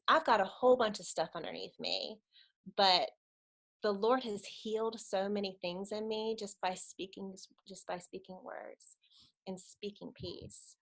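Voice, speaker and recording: A woman's voice: mid-range voice, a bit bright. Thirties woman, conversational church speaker, earnest and direct with her listeners. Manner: earnest, conversational, addresses audience as guys and y'all. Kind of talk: informal church talk, webinar.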